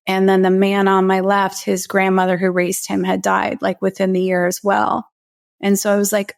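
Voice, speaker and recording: A woman's voice: medium pitch, monotone, moderate pace, creaky. A woman guest in a podcast interview, telling a personal story in a heartfelt, emotional way and often restarting her sentences. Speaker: guest, breathwork facilitator.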